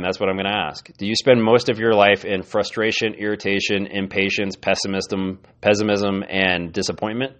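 A man hosting a podcast, giving an earnest, encouraging motivational talk and often repeating his words. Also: low-pitched. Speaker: podcast host.

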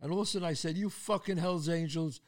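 A man, hosting a casual chat and telling stories with lively exclamations. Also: fairly high pitch, fast. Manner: animated, exclaiming storyteller. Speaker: host.

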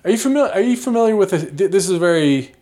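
A man's voice: high-pitched, animated, quick pace, warm tone. A man hosting a comedy podcast, chatting playfully and slipping into silly voices. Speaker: podcast host. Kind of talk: comedic casual chat.

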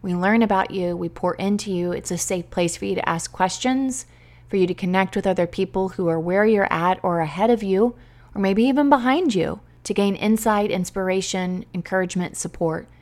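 A woman's voice: mid-range voice, normal speed, darkish tone. A woman hosting a podcast, talking earnestly and emotionally straight to her listeners in a heartfelt, faith-based way. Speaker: podcast host and teacher coach.

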